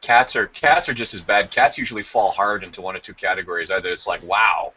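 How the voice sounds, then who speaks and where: A man's voice: on the low side, fast talker, sharp tone, husky. A man hosting a casual chat, telling jokey anecdotes and acting out voices, on slightly dull lo-fi stream audio. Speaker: podcast host.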